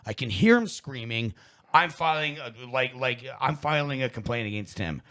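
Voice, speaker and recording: A young podcast host tells a story in casual conversation, speaking at medium pitch and normal speed. He's an animated storyteller who swears a lot and acts out what people said.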